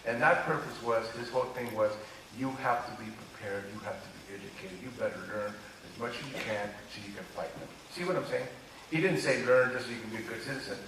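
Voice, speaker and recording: A man of around 60 from Los Angeles, an author telling candid personal stories in an interview, animated and confiding and often checking that the listener follows. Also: mid-range voice, quick pace. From Los Angeles, USA. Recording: echoey room, distant mic, noisy ambience.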